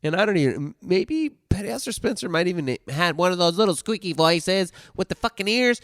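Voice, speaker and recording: A man hosting a podcast, telling a story in a loose, heavily swearing way, swinging from loud bursts to hushed asides. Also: sits high, lively intonation, brisk, few pauses, dry recording, studio quality. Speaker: podcast host telling stories. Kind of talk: casual storytelling monologue.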